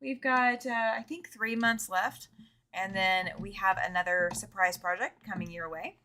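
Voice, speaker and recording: Bright chatty woman hosting a live stream. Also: mid-range voice, steady tone, a little slow, a little hiss or hum. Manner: chatty, reads out viewer comments, laughs easily; trails off and repeats phrases. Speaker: host of a live quilting show. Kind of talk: casual live-stream chat.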